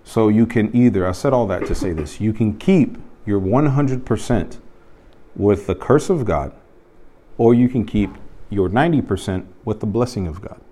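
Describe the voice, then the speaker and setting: A man's voice: lowish voice, expressive, normal speed, warm tone. A man teaching a youth leadership group around a table, telling stories and asking the group direct questions. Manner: conversational storytelling with direct questions. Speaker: youth pastor. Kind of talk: informal teaching to a small group.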